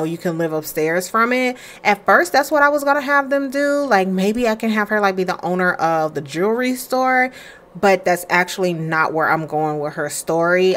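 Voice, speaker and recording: A young woman casually commenting as she plays a life-simulation game, chatting to viewers and voicing her characters in quick quoted asides. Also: lowish voice. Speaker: gaming creator playing a life-simulation game. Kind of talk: casual let's-play commentary.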